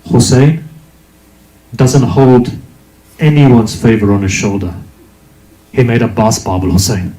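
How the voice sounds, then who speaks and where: A man's voice: mid-range voice, fairly even intonation, unhurried, pauses often, mellow. A man preaching a religious sermon, speaking emphatically and asking rhetorical questions. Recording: echoey hall.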